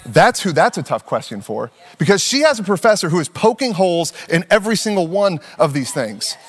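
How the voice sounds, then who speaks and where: A man in his thirties preaches with a fairly high voice, talking to the congregation as if chatting with friends. He tells stories with energy and slips into playful put-on voices. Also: fairly quick, slightly rough, in a large hall. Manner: conversational, animated storytelling with playful put-on voices. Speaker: pastor. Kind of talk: sermon.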